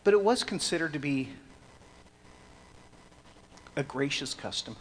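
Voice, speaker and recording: A man preaching an expository sermon, swinging from hushed, slow passages to loud, emphatic ones. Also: on the high side, expressive, in a large hall, slight background noise. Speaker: pastor.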